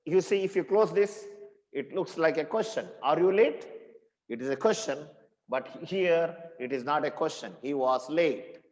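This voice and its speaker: A man with an Indian English accent teaching a grammar lesson, slow and emphatic, repeating example sentences. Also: fairly high pitch, animated, a little mellow. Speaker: school teacher. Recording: dull, lo-fi classroom recording with long reverb.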